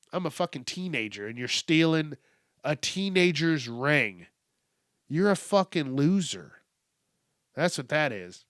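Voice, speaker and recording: A man's voice: medium pitch, a bit bright, no room sound, clean studio sound. A man hosting his own podcast, rambling casually and profanely, amused at himself. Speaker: podcast host. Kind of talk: casual solo rant.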